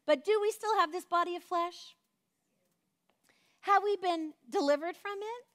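High-voiced woman teaching Bible study. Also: unhurried. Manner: conversational, animated, often asks "right?". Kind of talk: casual teaching.

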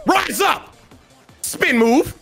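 A man's voice: extremely high pitch, lively intonation, very slow, vocal fry, a bit bright, shouting, soft background music. A man playing a party game with friends, joking around with rowdy trash talk. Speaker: co-player. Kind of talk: casual gaming chat with friends.

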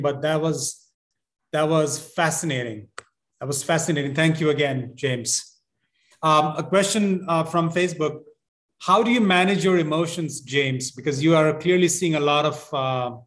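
A man with a somewhat high voice hosts a live online conversation. He speaks politely and gratefully, putting questions to his guest over a video call. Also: fairly bright tone. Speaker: host. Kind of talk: hosting a live online talk.

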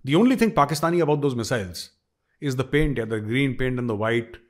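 Indian-accented man, middle-aged, emphatic commentator, mid-pitched voice, repeats points for force. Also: expressive, fast. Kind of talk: opinion commentary.

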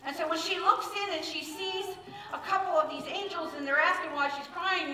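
Bright-voiced woman pastor preaching. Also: very high-pitched, fairly quick. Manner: conversational storytelling, acts out quotes with inflection. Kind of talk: sermon. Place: church sanctuary. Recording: echoey church room, mic at a distance.

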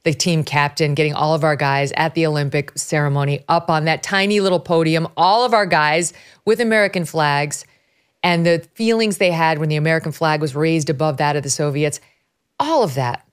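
A woman in her fifties hosting a casual political talk show. Her voice sits low, and she tells stories with animated, emphatic energy. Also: brisk, clear, resonant tone. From upstate New York. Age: 50s. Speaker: host.

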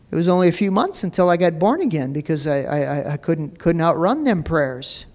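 A male pastor with a slightly high voice delivers a sermon, first telling a homely story in a relaxed way. He then builds to emphatic, impassioned preaching and repeats words as he gathers his thoughts. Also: a little fast, few pauses. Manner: repeats words when starting phrases.

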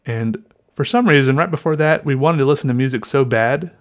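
A man's voice: mid-range voice, a little fast. A young man chatting casually while drawing, rambling through a story and often correcting himself mid-sentence. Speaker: artist vlogger.

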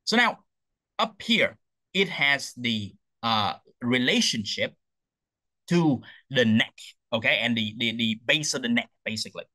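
A man's voice: medium pitch, a little slow, no echo, low-quality recording. A man giving an anatomy lecture, tagging "okay?" onto points and asking rhetorical questions he answers himself. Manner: lively, repeats "okay?" to check understanding.

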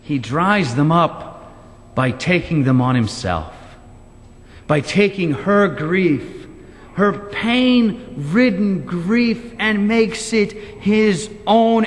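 A man preaches from the pulpit, his fairly high voice swinging widely in pitch as he drives home his rhetorical questions. His slow, deliberate delivery carries a long reverb from the church sanctuary. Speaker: pastor. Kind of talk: sermon.

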